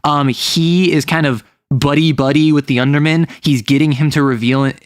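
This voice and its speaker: A game master recaps a tabletop session in loose, rambling chat, full of fillers and restarts. His voice sits a touch higher than most men's. The sound is dry, with no room echo. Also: steady tone, normal speed, smooth. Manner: rambling, heavy use of "like" as filler, self-correcting. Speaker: game master recounting a campaign. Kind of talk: casual chat.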